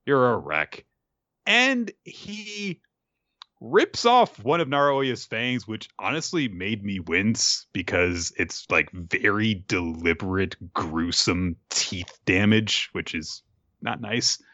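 A man's voice: fairly low pitch, expressive, slow, sharp tone, dry recording, highs cut off. A man animatedly recapping a show in casual chat, laughing often.

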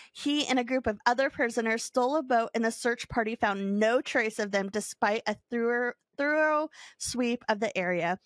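A woman's voice: a little high, no room sound. A woman co-hosting a podcast, reading a true story aloud with small stumbles and chatting casually. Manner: reads from notes with small stumbles, laughs easily. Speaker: podcast co-host.

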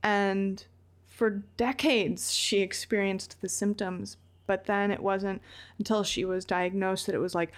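A woman talks as a guest on a podcast, close to a big studio microphone. Her voice is mid-pitched. She speaks candidly and thinks aloud as she goes. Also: fairly even intonation, unhurried. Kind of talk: reflective podcast conversation. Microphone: large studio microphone.

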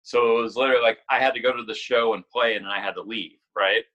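A man in his forties, a musician guest, telling stories in casual chat, animated, swearing freely and laughing often. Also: mid-range voice, quick pace, highs cut off.

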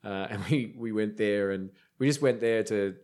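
Low-voiced Australian man telling stories. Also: normal speed, darkish tone. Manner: rambling, filler-heavy anecdotes. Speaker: brewer guest. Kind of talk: casual podcast storytelling.

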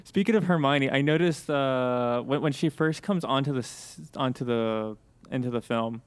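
A man's voice: mid-range voice, normal speed, few pauses, clear, resonant tone, no echo. A man co-hosting a podcast in casual chat, joking and swearing freely. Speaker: podcast co-host and editor.

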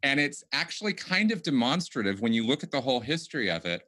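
A man's voice: medium pitch, very animated, fast, pushed and bright. A man hosting a casual podcast conversation, speaking emphatically and often restarting his sentences. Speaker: podcast host.

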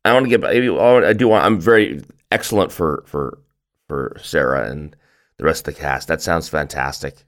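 A man's voice: rumbling low, normal speed, fairly bright tone. A man hosting a casual podcast, joking around and stumbling over restarts. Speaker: podcast host. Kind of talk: casual chat.

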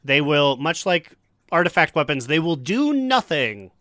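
A man on a gaming podcast with a smooth, clear, bright voice, recorded close and dry. He makes wry, deadpan jokes in casual chat. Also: on the high side, unhurried, dry recording. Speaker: podcast co-host.

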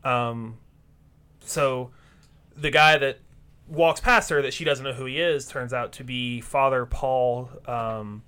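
A man's voice: mid-range voice, fairly even intonation, slow, pushed and bright, smooth. A man hosting a casual podcast chat, rambling with many ums and restarts. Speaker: podcast host.

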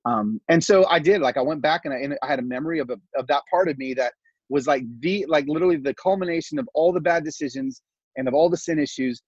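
A middle-aged man tells a personal story in an animated, heartfelt, casual way, stumbling over fillers. His voice is husky and sits a little high. The recording is dry and slightly dull. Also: fast, no room sound. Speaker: podcast guest.

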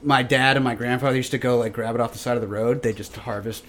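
A man chatting casually, enthusiastic and quick, with lots of "like". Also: mid-range voice, steady tone, fairly bright tone. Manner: enthusiastic, fast, filler-heavy talker. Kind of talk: casual chat.

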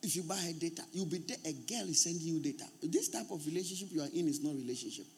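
High-voiced emphatic male pastor preaching. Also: fast, slight background noise. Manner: emphatic, repetitive preaching, at times shouting. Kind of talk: sermon.

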